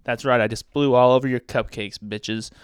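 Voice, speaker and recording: A young man co-hosting a podcast, joking loudly and swearing freely in casual chat. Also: mid-range voice, steady tone, moderate pace, clear, resonant tone, no room sound, clean studio sound. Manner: profane, boisterous, joking. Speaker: podcast co-host.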